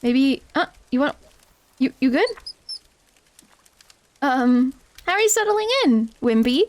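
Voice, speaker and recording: A woman's voice: fairly high pitch, animated, measured pace, long pauses, slight background noise. A woman streamer giving casual, giggly, rambling commentary while playing a cozy game. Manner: giggly, rambling, self-interrupting.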